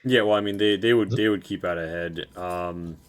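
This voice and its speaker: A man's voice: deep voice, normal speed, clean tone. A man narrating as game master of a tabletop game, rambling loosely with many fillers.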